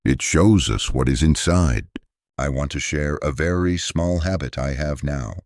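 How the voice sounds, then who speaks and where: A man with an extremely deep voice speaks very slowly as he narrates a graded-reader English lesson. His manner is calm and gentle, with deliberate pauses for repeat-after-me drills. The sound is dry and close. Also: no room sound. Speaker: English teacher.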